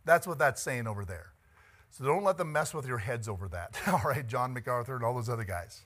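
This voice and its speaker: A man's voice: medium pitch, animated, brisk, fairly bright tone. A middle-aged man preaching a conversational sermon as pastor, chatty and joking, laughing often and moved by the text.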